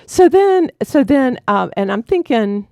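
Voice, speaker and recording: A woman's voice: sits high, very animated, measured pace, mellow, dry recording. A woman family life coach talking through parenting advice in a casual podcast chat, often laughing.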